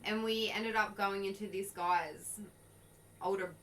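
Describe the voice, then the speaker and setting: Aussie girl early 20s telling a story, lots of likes and swearing, bright tone. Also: medium pitch, fairly even intonation, a little slow, slight background noise, poor audio. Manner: loose and sweary, full of likes and laughs. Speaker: podcast co-host. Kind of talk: casual storytelling chat.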